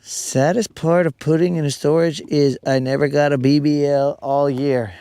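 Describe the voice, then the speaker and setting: A man's voice: fairly high pitch, fairly even intonation, moderate pace, dark tone, clean tone, no room sound. A man hosting a live fishing stream, chatting casually with viewers and trading teasing jokes full of slang.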